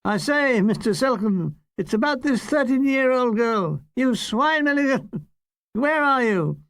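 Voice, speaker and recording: A man's voice: extremely high pitch, animated, unhurried, vocal fry, fairly bright tone, clear, resonant tone, full character voice. An older man reading his memoir aloud, putting on the voice of an eager, chattering young man answering the phone, who keeps repeating himself and slips into a mock police voice. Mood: excitable.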